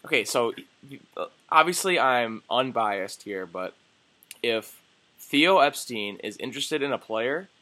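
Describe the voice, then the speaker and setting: A young man co-hosting a sports podcast in casual chat, telling animated stories, swearing and acting out the voices of people he quotes. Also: medium pitch, measured pace.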